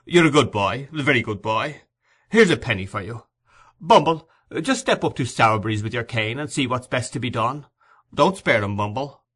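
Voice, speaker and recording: A man reading aloud, voicing a self-satisfied gentleman who gives harsh orders in a benign tone. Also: mid-range voice, animated, moderate pace, husky. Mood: smug.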